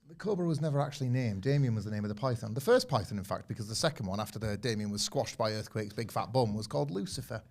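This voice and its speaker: Gravelly-voiced man, playful. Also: lowish voice. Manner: quick trivia asides, playful. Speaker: podcast co-host. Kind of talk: casual chat.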